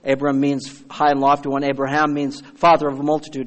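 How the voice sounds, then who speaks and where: Fervent pastor preaching in a reverberant church. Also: male voice, mid-range voice, completely flat delivery, brisk, hardly any pauses. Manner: fervent and emphatic, calls out to the congregation. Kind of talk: sermon.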